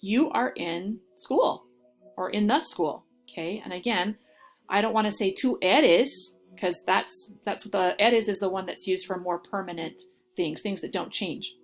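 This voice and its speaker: A woman teacher giving a recorded lesson, explaining step by step and checking in with "okay?". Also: medium pitch. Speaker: Spanish teacher.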